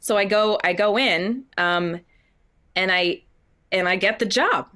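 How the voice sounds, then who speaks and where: A woman in her thirties, a stage actress, telling stories in an interview in a candid, animated way, acting out quotes and laughing often. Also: medium pitch, measured pace. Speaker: guest, Broadway actress.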